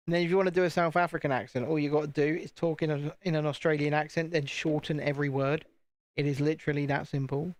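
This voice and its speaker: A British channel host streams live from home, chatting and cracking self-deprecating jokes while he builds something. His voice is a little high with little pitch movement, fast, and recorded dry.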